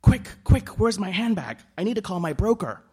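A man's voice: fairly low pitch, sing-song, normal speed, a little mellow. A man voicing a gossipy, conspiratorial middle-aged society woman. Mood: frantic. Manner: sly, conspiratorial, turns frantic.

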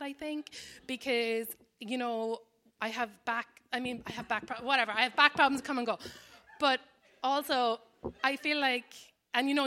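This is a woman in her thirties with an Irish accent, doing stand-up storytelling. Her voice sits slightly high. She rambles and mocks herself, tossing in "like" and "um" as she goes. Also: sharp tone. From Ireland. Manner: rambling, self-deprecating, lots of fillers. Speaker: comedian. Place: New York.

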